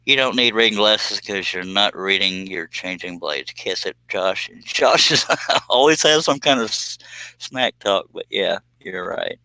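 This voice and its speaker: A man's voice: on the low side, expressive, a little slow, bright, forceful tone, no room sound, rough recording. A man, casually chatting and joking with viewers on a live stream while doing scroll saw work in his workshop.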